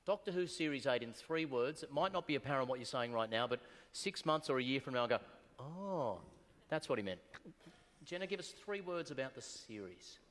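Australian male host, bright and playful; big hall reverb. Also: medium pitch, expressive, quick pace, few pauses. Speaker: event host. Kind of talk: hosting a stage Q&A. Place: large theatre stage.

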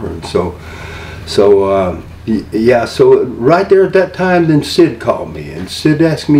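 An older man with a Southern American accent, telling stories from his career as an interview guest in a folksy, animated way, acting out other people's lines. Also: mid-range voice, unhurried. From Southern United States. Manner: folksy, animated storyteller who acts out quotes. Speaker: interview guest, former wrestling manager. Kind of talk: storytelling interview. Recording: echoey room, mic at a distance, faint hiss.

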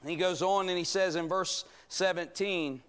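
His voice sits high, clear and resonant, fairly bright, with a steady tone and moderate pace. The pastor teaches a Bible study at church, preaching emphatically and rhetorically while the congregation answers with amens, in a sanctuary recording.

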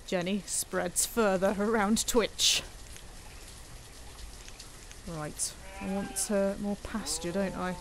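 A woman's voice: medium pitch, fairly even intonation, takes it slowly, pauses often, slight background noise. Chatty woman streaming a game. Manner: chatty and playful, thanking viewers, talks to herself. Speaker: streamer playing a city-building game. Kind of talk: live-stream gameplay commentary.

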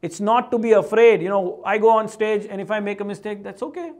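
A middle-aged man with an Indian English accent hosts a casual motivational vlog. He talks in an animated way and slips into playful voices for his family and coworkers. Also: high voice, brisk. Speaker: vlog host.

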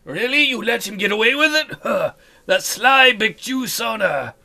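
Man reading a soft, slow, pleading thrall; high, bright voice. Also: lively intonation, creaky, full character voice. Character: humble male thrall, former outlaw, pleading.

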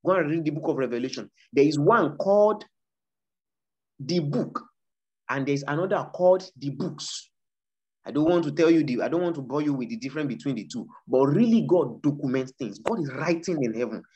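A Nigerian man with a fairly high, slightly mellow voice talks about his book like a preacher, hammering his points home and repeating them to spur listeners on. The recording sounds dull and lo-fi.

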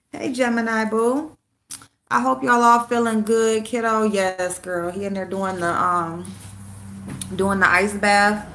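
A woman's voice: on the high side, fairly bright tone. A woman hosting a casual phone livestream, greeting viewers by name as babe and speaking bluntly, repeating herself for emphasis. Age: adult with a school-age son. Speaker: livestream host.

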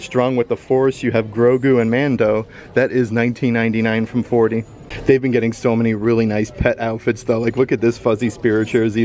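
A man's voice: mid-range voice, darkish tone. A man vlogging a casual shopping walkthrough in a store, chatty and upbeat as he reads out prices. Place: indoor retail store.

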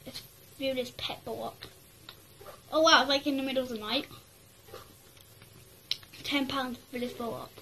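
A woman giving casual gameplay commentary, rambling and excitable, talking to herself as she plays. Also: high voice, normal speed, long pauses, slight background noise, low-quality recording. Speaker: gaming YouTuber.

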